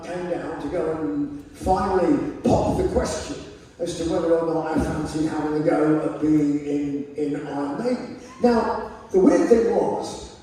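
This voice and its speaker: A man's voice: a little high, dark tone. A man performing wry, self-mocking comic stories on a theater stage, recorded from the front row. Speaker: spoken word performer. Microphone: camera in the front row of the audience. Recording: distant echoey theater hall, crowd noise.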